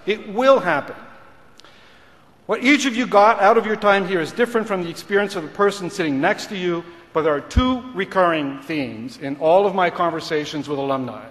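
Middle-aged male dean, formal commencement address, bright higher register, long hall reverb, podium mic. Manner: measured and rhetorical, switching between English and French. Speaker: law school dean giving a graduation address. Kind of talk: formal ceremonial speech. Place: large ceremony hall.

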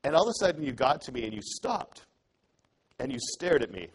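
A man's voice: a little high, very animated, fairly quick, husky, low-quality recording. A young adult man giving an earnest, conversational talk to an audience, telling a story and acting out the dialogue in it. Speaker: public speaker.

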